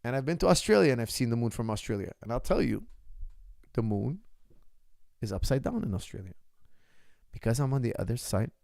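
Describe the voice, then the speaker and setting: A man with a gravelly, mid-pitched voice talks in a casual Q&A as a fight coach. He lectures emphatically and mocks the questions he gets. The sound is dry and close. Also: lively intonation, fairly quick, long pauses, a little mellow, no echo. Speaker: martial arts coach. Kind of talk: casual Q&A monologue. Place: lives in Canada.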